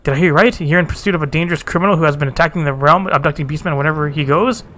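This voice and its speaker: A man's voice: a little high, racing, a bit bright, lightly acted. A man reading a confident, genial male engineer in a game who is proud of his designs.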